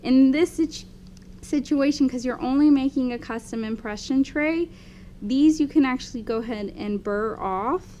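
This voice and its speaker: A woman's voice: high-pitched, normal speed, mellow, highs cut off. Lady walking students through a dental lab demo, keeps saying okay, bit of a hum. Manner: explanatory, often checks in with "okay?". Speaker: dental instructor. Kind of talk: hands-on lab demonstration.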